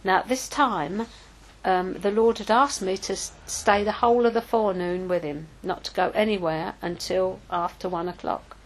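An older woman preaching in a relaxed, conversational way. She tells personal stories and often stops to correct herself, at a medium pitch. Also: normal speed, poor audio. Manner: chatty and anecdotal, with self-corrections. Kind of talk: informal teaching talk.

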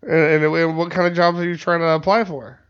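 A man's voice: fairly high pitch, flat delivery, a little fast, fairly bright tone, clean tone. A man hosting a podcast in casual chat, rambling and swearing with many stammered restarts. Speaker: podcast host. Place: studio. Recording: muffled lo-fi podcast audio.

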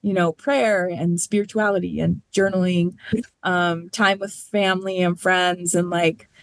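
A woman's voice: on the low side, steady tone, a little slow, dry recording. A woman program manager for a nonprofit, talking through her work in a podcast interview, earnest and thoughtful, with many "like" and "you know" fillers.

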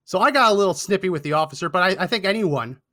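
A man's voice: high-pitched, expressive, fast talker, fairly bright tone. A young man hosting a talk show, telling a story with indignant sarcasm. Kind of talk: storytelling commentary.

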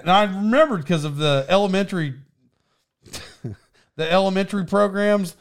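A man's voice: high voice, normal speed. A man telling rambling stories in casual chat, laughing as he goes.

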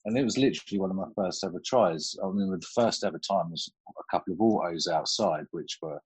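A man's voice: sits low, brisk, slightly rough, low-quality recording. A middle-aged man, chatting casually and telling stories, laughing often and swearing freely. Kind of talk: casual chat.

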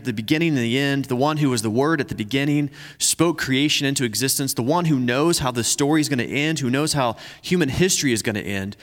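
A man preaching a sermon, earnest and halting, who repeats himself and slows down to read scripture softly. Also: medium pitch, in a large hall. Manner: earnest, restarts often, reads scripture slowly and softly. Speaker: pastor.

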